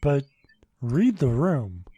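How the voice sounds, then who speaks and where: A man of middle pitch talks into a dry, close microphone with no room sound. He jokes, curses freely and laughs between remarks, then reads a creepy story in the same plain voice. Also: very animated, slow pace, mellow, husky, no room sound. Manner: swears freely, laughs often, reads quoted dialogue plainly. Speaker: podcast co-host reading a horror story. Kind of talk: casual chat and story reading.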